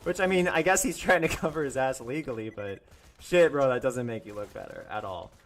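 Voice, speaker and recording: A man's voice: mid-range voice, very animated, a little fast, slight background noise. A young man ranting on his own live stream, angry and profane, mocking others in put-on voices and laughing often.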